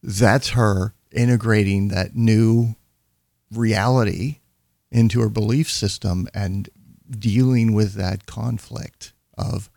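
A man hosting his show, commenting on video clips in a deliberate, emphatic way that slows down for key points. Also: fairly low pitch, fairly even intonation, gravelly, a little mellow, dry recording. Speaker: host.

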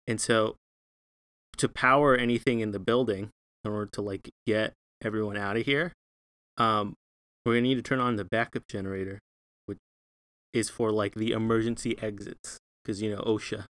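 A man's voice: on the low side, fairly even intonation, moderate pace, a bit bright, no echo. A man narrating as game master, talking loosely with many fillers and asides.

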